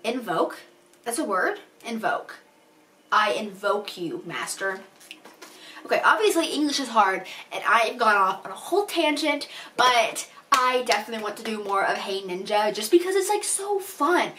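A woman's voice: a little high, sing-song, brisk, few pauses, pushed and bright, recorded from a distance, a little hiss or hum. A woman chatting casually to camera in a vlog, bubbly and laughing at herself. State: out of breath. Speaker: vlogger.

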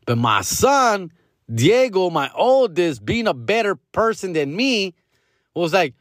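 Slangy comedian, lively voice. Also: male voice, high voice, takes it slowly, no room sound, clean studio sound. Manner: profane, slangy, drops Spanish words. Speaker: podcast host, comedian. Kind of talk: casual comedic storytelling.

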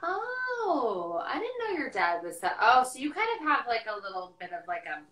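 Woman cohost on a live stream, super animated, jumps in a lot, echoey. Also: on the high side, moderate pace. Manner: eager, interjects often. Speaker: co-host. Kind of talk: casual chat on a live video stream. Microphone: video call on a phone or laptop. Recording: roomy echo on a video call.

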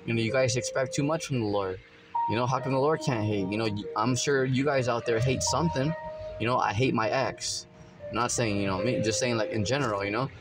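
A man's voice: mid-range voice, fast talker. A middle-aged male preacher reading scripture and explaining it in a casual, conversational way, full of "you know" fillers. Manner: conversational, many "you know" fillers, acts out everyday quotes. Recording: music playing under the voice.

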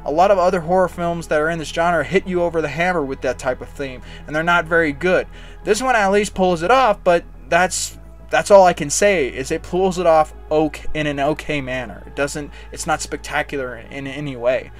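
A young man reviews a film off the cuff in a slightly high voice, speaking bluntly and rambling, often restarting his sentences. Faint music plays behind him. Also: normal speed. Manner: rambling, blunt, with frequent restarts and filler words. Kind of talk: casual unscripted movie review.

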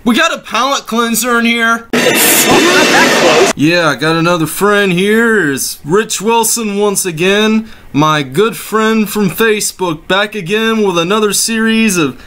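A man's voice: sits high, a little slow, pushed and bright, slight background noise. A man hosting comedic meme reactions, exclaiming and laughing in disbelief, sarcastic and swearing freely.

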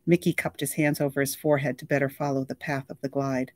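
A reader narrating a novel at a mid pitch, steady and even, close to the mic. The sound is dry, with no room around it. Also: quick pace, no room sound. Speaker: audiobook reader.

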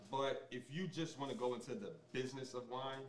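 A man speaking as a sommelier guest in a casual interview, explaining things in a relaxed way with many ums and restarts. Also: mid-range voice, fairly quick, reverberant, distant mic.

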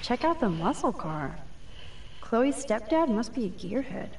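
A woman's voice: fairly high pitch, big pitch swings, a little slow, a little mellow, slight background noise. A woman voicing a wry teenage girl photographer in a video game, talking in a dry, sardonic inner monologue.

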